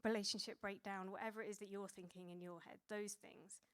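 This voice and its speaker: A woman's voice: mid-range voice, fairly even intonation, fairly quick, clear, resonant tone. A woman in her thirties preaching a sermon in a conversational way, with many fillers and restarts.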